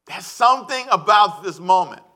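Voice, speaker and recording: A male pastor preaching a sermon, animated and calling on the congregation to answer back. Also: sits high, normal speed.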